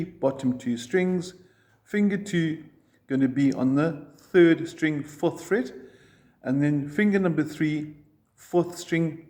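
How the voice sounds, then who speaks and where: A man teaching a ukulele lesson, explaining chord shapes step by step and counting strums aloud. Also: a little high. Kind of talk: music lesson.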